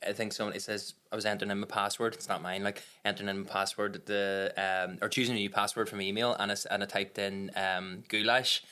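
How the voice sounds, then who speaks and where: A young man with a Belfast accent, a comedian guest chatting on a podcast as an animated, joking storyteller. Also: lowish voice, fairly quick, few pauses, clear, resonant tone. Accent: Northern Irish, Belfast. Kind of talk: casual podcast chat.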